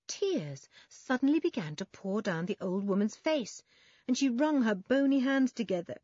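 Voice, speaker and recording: A woman narrating a children's adventure story in an expressive, lively reading. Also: a little high, moderate pace, no room sound, dull audio. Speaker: audiobook narrator.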